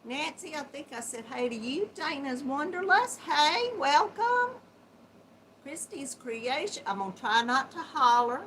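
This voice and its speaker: Woman, Southern Georgia accent, high voice, folksy livestream chat, laptop mic at home. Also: sing-song, a little hiss or hum, poor audio. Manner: warm folksy greetings with terms like hon and sweetheart; slow, chatty, laughs often. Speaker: host of a yarn chat livestream. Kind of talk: casual livestream chat greeting viewers. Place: home, seated at a computer. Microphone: built-in laptop microphone.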